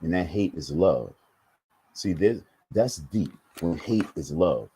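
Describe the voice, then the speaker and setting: A man's voice: low-pitched, animated, takes it slowly, dark tone, a little hiss or hum, poor audio. A man talking to his online viewers in a blunt, emphatic, profane monologue with a preachy tone. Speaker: online commentator.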